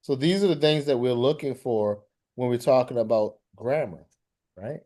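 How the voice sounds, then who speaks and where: A man's voice: mid-range voice, moderate pace, mellow. A man teaching a live language class, quizzing the student and often repeating and restarting his phrases.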